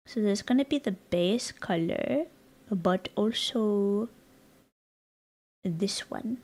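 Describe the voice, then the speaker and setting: Slow-talking gravelly American woman streamer. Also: mid-range voice, expressive, a little mellow. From United States. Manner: chatty, playful, teasing, rambling asides to chat. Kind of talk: casual live-stream chat while designing.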